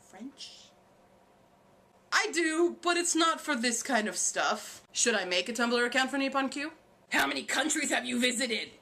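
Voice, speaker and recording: Young woman vlogger, fairly high voice, dry sarcastic jokes, quick Q&A. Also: bright, forceful tone. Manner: sarcastic, jokey, self-mocking. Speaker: vlogger answering viewer questions. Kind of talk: casual Q&A vlog.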